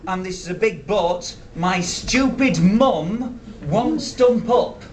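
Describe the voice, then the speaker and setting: A man in his thirties playing a nerdy, petulant male sci-fi fan with a Yorkshire accent, shouting and stammering his way through live character stand-up. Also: lively intonation, slow pace, far from the mic, slight background noise. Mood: ranting. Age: 30s. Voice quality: high, shouty, stammering and indignant. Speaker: comedy character performer. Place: small theatre stage with a live audience. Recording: roomy live venue from afar, audience.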